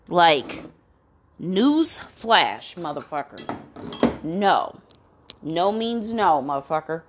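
Woman, lower-pitched, blunt profane venting, indignant. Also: big pitch swings, takes it slowly, background noise. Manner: blunt, swears a lot, keeps saying 'you know what I'm saying'; fired up and indignant.

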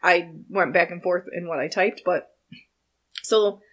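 Woman, podcast host, casual chat, relaxed, trips over names. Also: lowish voice, measured pace. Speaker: podcast host presenting a history segment.

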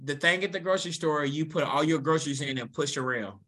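A man from Louisville with a Kentucky accent hosting a casual chat, brash and teasing, swearing freely and firing back quick comebacks. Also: fairly high pitch, a bit bright.

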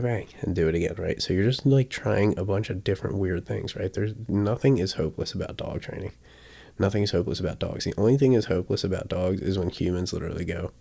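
Deep, gravelly man explaining dog training. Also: quick pace, dark tone. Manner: chatty, often checks in with "right?"; acts out examples with sudden bursts. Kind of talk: casual teaching talk.

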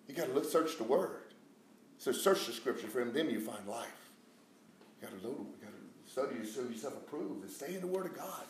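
A man preaching a sermon, swinging from loud calls down to near whispers. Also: mid-range voice, lively intonation, fairly quick. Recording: echoey room with faint noise.

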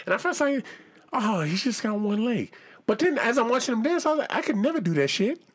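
A man co-hosting a podcast, telling stories in a casual, profane, animated way. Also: very high-pitched, a little fast. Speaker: podcast co-host. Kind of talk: casual chat.

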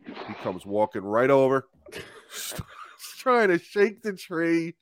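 A male podcast co-host telling a story in casual chat, his pitch swinging widely as he goes. His voice sits a little high, with a dry, close sound. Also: takes it slowly, clean tone, no room sound. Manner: animated, swearing, laughing storyteller.

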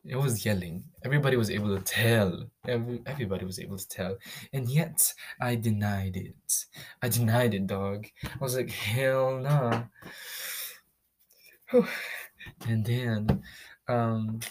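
A man's voice: fairly low pitch, darkish tone. Candid, profane young man from the Philippines. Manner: casual, profane, candid, with quick restarts. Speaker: podcast host. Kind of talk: personal storytelling podcast.

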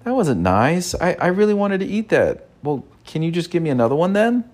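A man's voice: fairly high pitch, big pitch swings, brisk, darkish tone, pitched above the performer's own voice. A man voicing a young boy who complains that his food was taken, in a whiny, pleading tone. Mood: hurt complaint. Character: young boy, upset but polite.

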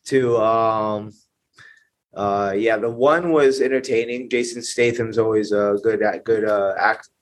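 A man's voice: fairly low pitch, steady tone. A man guesting on a podcast as a gym owner and coach, chatting with enthusiasm, often restarting his sentences and laughing as he talks. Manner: enthusiastic, halting restarts, laughs while talking. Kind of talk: casual chat.

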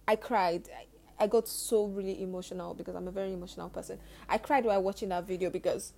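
A young woman's gravelly yet mellow mid-range voice moves a little fast as she hosts her own podcast. It's a personal monologue, delivered earnestly and emotionally, with phrases repeated for emphasis.

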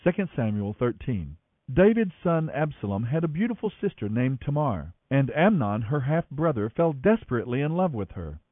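A man reading a Bible story aloud as scripted narration, with an expressive storytelling manner, over a tinny radio line. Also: medium pitch, moderate pace, no echo. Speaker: Bible reader on a radio program.

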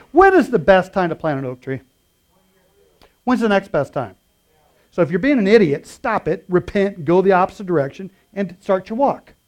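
A middle-aged man preaching in a relaxed, storytelling way, his voice sitting notably high for a man. He jumps from punchy, raised emphasis to soft, almost muttered asides. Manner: casual storytelling with lively swings between loud and quiet. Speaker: pastor. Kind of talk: sermon.

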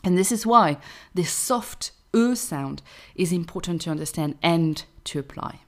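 A woman's voice: fairly low pitch, expressive, a little slow. A French woman with a French accent, giving an online French pronunciation lesson and patiently checking in with her listeners. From France. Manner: explains patiently, often checks with "right?". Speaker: French teacher.

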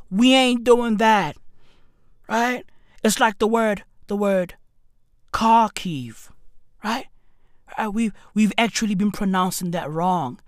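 A woman rants comedically in a high, wildly bouncing voice, with slow, deliberate delivery. She swears freely, leans on slang and rhetorical questions, and swings between shouts and hushed asides. The sound is close and dry. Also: big pitch swings, dry recording. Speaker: commentator. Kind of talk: comedic rant.

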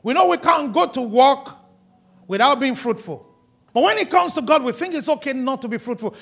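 Pastor, male, high animated voice, emphatic sermon delivery. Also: moderate pace, vocal fry. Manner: emphatic preaching, stretching and shouting key words.

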